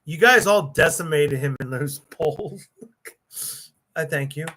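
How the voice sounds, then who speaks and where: A man's voice: fairly high pitch, takes it slowly, bright, forceful tone, slight background noise. A man hosting a casual livestream, joking with viewers, laughing often and swearing, tired and yawning. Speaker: livestream host.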